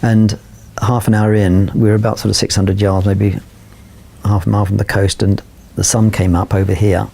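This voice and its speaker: A man's voice: lowish voice, level tone, moderate pace, creaky, warm tone. An older man from London, a photographer telling a long anecdote with rambling fillers and restarts. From London, England. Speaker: photographer guest. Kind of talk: anecdotal storytelling.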